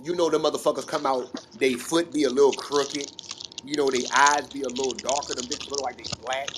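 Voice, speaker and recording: Animated man telling tall stories, noisy line. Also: medium pitch, fairly quick. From Mississippi. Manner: animated storyteller, swears freely, acts out quotes. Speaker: regular panelist. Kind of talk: casual chat. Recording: noisy audio-chat recording.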